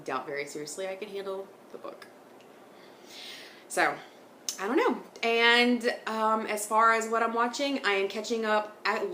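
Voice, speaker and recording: A woman's voice: mid-range voice, pushed and bright, reverberant, a little hiss or hum. A woman in her thirties hosting a knitting podcast, chatting casually and rambling, laughing often. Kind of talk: casual chat. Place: home sitting room.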